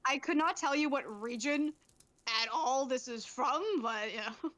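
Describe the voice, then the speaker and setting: Brief: bright, high-pitched woman, crude and loud-mouthed stream co-host. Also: a little slow. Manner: brash, swearing and laughing often. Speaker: guest co-host. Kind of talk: casual livestream chat.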